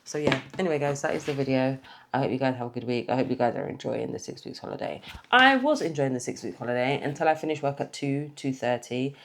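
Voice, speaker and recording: A woman's voice: rumbling low, animated, fast talker, a little hiss or hum. A woman from England chatting casually through her weekly cash budget, tired and rambling. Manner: rambling, chatty, talks while counting cash. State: tired, yawning. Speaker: budgeting vlogger. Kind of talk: casual budget vlog chat.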